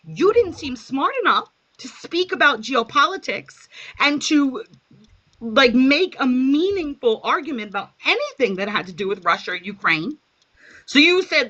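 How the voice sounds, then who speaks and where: A woman's voice: high-pitched, big pitch swings, moderate pace, bright, forceful tone, lo-fi sound. A woman on a live panel, arguing angrily and swearing as she lectures. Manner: angry, profane, lecturing. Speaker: panel participant. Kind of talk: heated argument.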